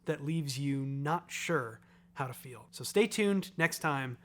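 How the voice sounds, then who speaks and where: A man hosting a music analysis video, talking in an animated, enthusiastic, explanatory way. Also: mid-range voice, slow pace. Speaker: host.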